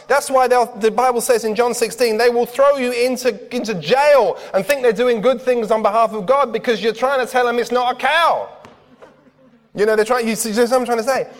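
A man's voice: high voice, big-room sound. A man preaching a sermon in a casual, conversational way, often putting questions to his listeners. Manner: conversational, asks the crowd questions.

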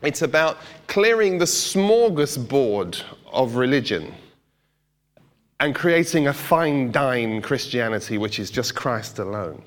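A man preaching in a relaxed, conversational way, often asking the congregation questions and dropping playful asides. His voice sits a little high for a man, and it carries a long reverb from the hall around him. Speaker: pastor. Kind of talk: sermon.

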